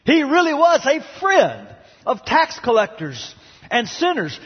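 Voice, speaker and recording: A man preaching a sermon in a dramatic style, with big swings in pitch and loudness, recorded in a large church auditorium. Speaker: pastor. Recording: dull sound in a large reverberant hall.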